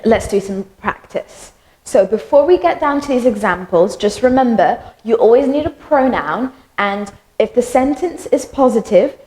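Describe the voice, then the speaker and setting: A woman's voice: fairly high pitch, a little mellow. A woman teaching English grammar in a friendly, chatty way, acting out example questions with rising intonation. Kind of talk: explaining grammar to learners. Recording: echoey room.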